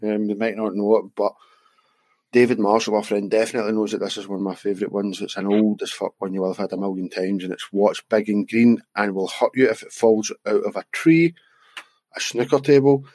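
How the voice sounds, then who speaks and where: Chuckling Scottish man, low voice. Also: fairly even intonation, fairly quick, darkish tone, no room sound. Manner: jokey, reads listener jokes, chuckles often. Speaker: podcast co-host. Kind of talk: casual chat.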